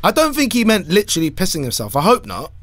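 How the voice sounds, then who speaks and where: Brief: male guest, high and very animated voice, swears freely, dry close mic. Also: fast, no room sound. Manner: animated, swearing storyteller with a lively voice. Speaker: guest, radio DJ. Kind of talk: casual podcast chat.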